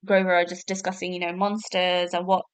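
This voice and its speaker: A woman's voice: on the low side, level tone, fairly quick, clear, resonant tone, no room sound. A young woman, chatting casually as a podcast host and laughing often as she talks. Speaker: podcast host reviewing a TV episode. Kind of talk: casual review chat.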